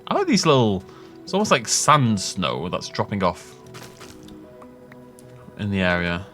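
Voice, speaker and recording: A man's voice: lowish voice, huge pitch swings, measured pace, a bit bright, soft background music. Rambling, jokey man playing a game. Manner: rambling and jokey, laughs at his own tangents. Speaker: gaming YouTuber. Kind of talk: casual let's-play commentary.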